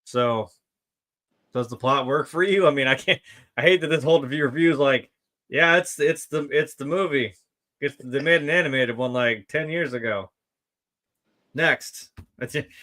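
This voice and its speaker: A man co-hosting a casual chat, excitable, laughing often and swearing freely. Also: mid-range voice. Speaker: podcast co-host.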